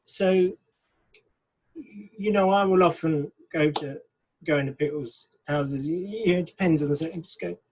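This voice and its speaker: Husky-voiced man, thoughtful and frank. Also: fairly high pitch, measured pace, a little mellow, low-quality recording. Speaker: pastor. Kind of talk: casual discussion.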